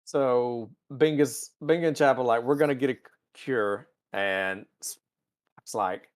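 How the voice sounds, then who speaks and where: A man co-hosting a podcast, casually recapping a show and acting out the characters in quick voices. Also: mid-range voice, no echo, studio quality. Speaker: podcast co-host. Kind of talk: casual chat recapping an episode.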